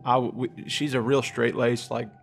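A man co-hosting a casual podcast chat, telling a childhood story and getting loud and high-pitched as he relives the fright. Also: moderate pace, gravelly, faint music behind. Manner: animated, rises high and loud when retelling fright. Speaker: podcast host.

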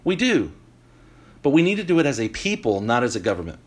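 A man hosting a talk show, delivering an animated opinion monologue with emphatic points and joking asides. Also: medium pitch, fast talker. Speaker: podcast host.

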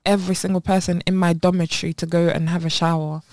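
Animated British woman telling stories. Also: fairly low pitch, fast talker, no echo, clean studio sound. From England. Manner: animated storyteller, slangy and blunt. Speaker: podcast co-host. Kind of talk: casual chat among friends.

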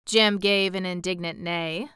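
A woman narrating a children's storybook aloud in a measured way, with the odd wry aside. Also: on the low side, fairly even intonation, a bit bright, clear, resonant tone, no echo, clean studio sound.

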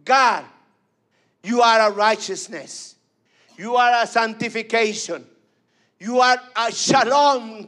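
A man's voice: extremely high pitch, slow pace, pauses often, bright, forceful tone. A man preaching a fervent sermon, repeating phrases and calling for responses.

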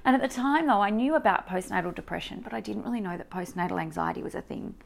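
A woman's voice: medium pitch, fast talker, vocal fry. An Australian woman telling a personal story in a candid, emotional way, full of fillers and restarts. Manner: emotional, animated retelling with many fillers. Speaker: mother sharing a personal story.

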